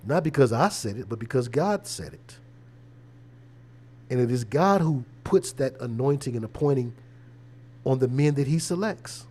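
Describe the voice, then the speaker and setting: A man's voice: mid-range voice, expressive, normal speed, long pauses, dark tone. A man who is a preacher, hosting a casual livestream with conversational, preachy commentary and a habit of repeating words. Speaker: preacher and show host.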